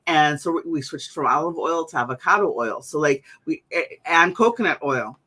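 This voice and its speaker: A woman's voice: low voice, lively intonation, normal speed, pushed and bright, breathy edge. A woman hosting a casual conversation, chatty, with many fillers and restarts. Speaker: host.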